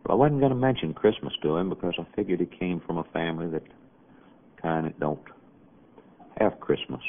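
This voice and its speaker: Low-voiced Southern storyteller on old radio. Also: male voice, fairly quick. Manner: rambling, folksy drawl with "you know". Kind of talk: folksy monologue storytelling. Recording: tinny, band-limited old radio archive.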